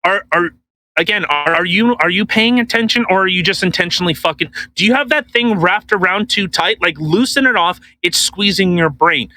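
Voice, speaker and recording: A man's voice: high voice, rough recording. A man co-hosting a podcast, ranting casually with lots of swearing and mocking impressions. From Canada. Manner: animated, swears a lot, mocking put-on voices. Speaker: podcast co-host. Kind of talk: casual profane podcast rant.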